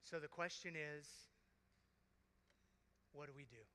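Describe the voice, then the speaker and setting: Man, deacon preaching, impassioned, dramatic pauses, high bright voice, long hall reverb. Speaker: deacon and keynote speaker. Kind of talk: sermon. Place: large conference arena.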